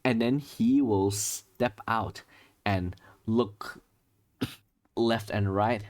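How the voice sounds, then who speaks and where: A man running a tabletop horror game as game master, narrating and thinking aloud at an unhurried pace. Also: fairly low pitch, fairly even intonation, a little mellow.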